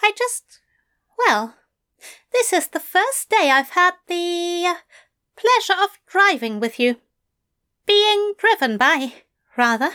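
A woman's voice: very animated, slow pace, pauses often, sharp tone, exaggerated voice. A woman voicing a fussy, nervous male angel who stammers and frets. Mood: flustered. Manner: stammering, high-strung.

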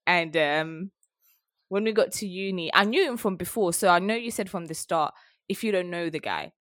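A young woman, telling a story in a frank, animated way while chatting as a podcast co-host. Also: fairly low pitch, normal speed, no echo, clean studio sound. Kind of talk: casual chat.

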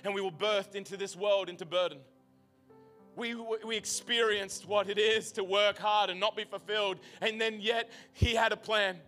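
A male pastor with a high, bright, ringing voice preaches a sermon to a live congregation. He moves between loud, emphatic bursts and a softer, earnest delivery, with faint music underneath. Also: fairly even intonation, normal speed. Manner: dynamic preaching, rising to loud emphatic peaks; drops to a quiet, earnest close. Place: church service before a congregation.

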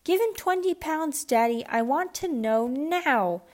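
A woman voicing a whiny, spoiled rich girl with a high, squeaky voice. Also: expressive, unhurried.

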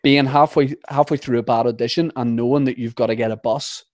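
A young Northern Irish actor in casual chat, self-deprecating and often laughing. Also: male voice, mid-range voice, fairly even intonation, a little fast, a little hiss or hum. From Northern Ireland.

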